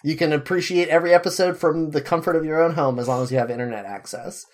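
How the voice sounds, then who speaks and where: A man's voice: a little high, fast talker. A young man co-hosting a podcast, chatting casually with a wry, joking delivery. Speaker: podcast co-host. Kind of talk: casual chat.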